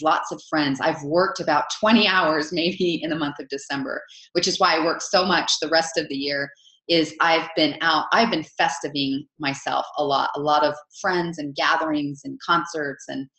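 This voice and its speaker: A woman coach talking to her group in a chatty, heartfelt way, often asking "right?". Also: low voice. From Utah, USA. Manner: chatty, warm storytelling with many "right?" asides. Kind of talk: live online coaching session. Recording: roomy echo.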